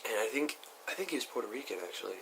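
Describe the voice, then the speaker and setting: A young man tells a story to the camera on his vlog in a chatty, rambling way. His voice sits at a medium pitch and sounds bright. A faint hiss runs under the recording. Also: lively intonation, racing, creaky. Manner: chatty and rambling, with many asides. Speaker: YouTuber.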